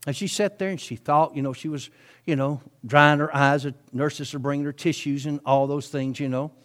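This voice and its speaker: A man's voice: fairly high pitch, fairly even intonation, normal speed, a bit bright. A male preacher, telling a story in his sermon in a folksy, chatty way with frequent asides.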